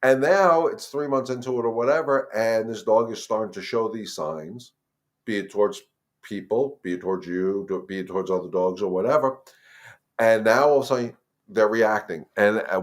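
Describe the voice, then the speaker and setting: Hosting a live dog-training Q&A, a man with a fairly low voice speaks at a moderate pace, chatting casually and directly with viewers he calls "guys." He repeats words and becomes firm and emphatic about the rules in this casual stream of advice.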